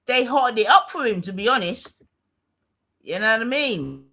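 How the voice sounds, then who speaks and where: A woman's voice: on the high side, animated, normal speed, fairly bright tone. A woman streamer reacting casually, exasperated and slangy.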